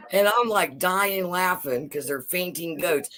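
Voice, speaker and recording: A woman's voice: lowish voice, measured pace. Laughing woman telling a story. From Pennsylvania, USA. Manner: animated storyteller, laughs while talking. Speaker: chat participant. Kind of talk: casual group chat.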